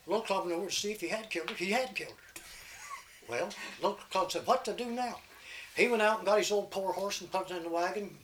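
High-voiced man telling a folk tale. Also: a bit bright, slight background noise. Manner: folksy, rambling, peppered with "you know". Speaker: storyteller. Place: home recording session.

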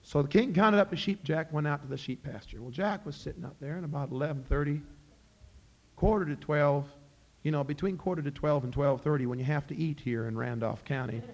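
A man's voice: a little high, brisk, a little mellow, dull audio. Folksy man telling a tall tale. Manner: folksy, chuckling asides. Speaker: storyteller. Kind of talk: folk-tale telling to a live audience.

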